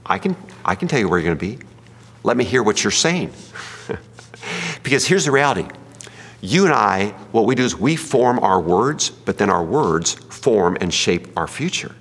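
A man's voice: fairly low pitch, big pitch swings, normal speed, fairly bright tone, husky. A man preaching a sermon in a folksy, joking way, telling stories and asking his listeners questions. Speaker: pastor. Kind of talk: sermon with jokes and audience questions. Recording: long hall reverb.

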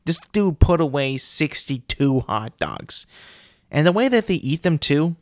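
A man's voice: a little high, very animated, unhurried, no echo, clean studio sound. A man hosting his own podcast, delivering a profane, exasperated solo rant in a casual comedic style. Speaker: podcast host.

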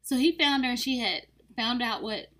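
A woman's voice: fairly high pitch, normal speed, bright, forceful tone. A woman co-hosting a casual podcast, giving blunt, joking takes on a reality TV show in a slangy, offhand way. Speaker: podcast co-host. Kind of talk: casual chat about reality TV.

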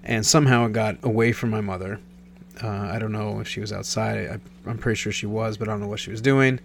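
A man in his thirties from Nebraska with a low, gravelly voice tells a personal story in a loose, rambling way. He keeps restarting and correcting himself mid-thought. A faint hum sits under the recording. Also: steady tone, a little fast. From Nebraska, USA.

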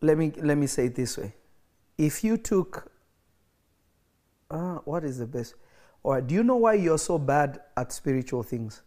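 A man preaching a livestreamed sermon with a fairly high voice. He is emphatic and drives each point home by repeating phrases. Now and then he coughs or laughs between points. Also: sing-song, unhurried, long pauses, darkish tone.

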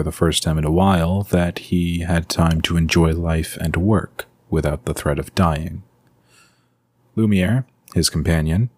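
Deep voiced guy reading a fantasy story, steady, dry close sound. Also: dry recording. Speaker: narrator. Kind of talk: scripted fantasy story narration.

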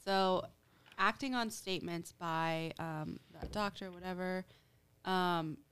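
A woman's voice: fairly low pitch, slow, a bit bright, slight background noise. A woman hosting a casual podcast, retelling a true-crime case in a chatty way with lots of "like" and acted-out quotes. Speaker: podcast host.

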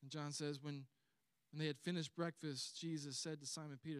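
High-voiced preacher with a Southern accent. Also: male voice, brisk, smooth, no echo, clean studio sound. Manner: animated storytelling, acts out quoted lines. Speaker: pastor. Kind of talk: sermon.

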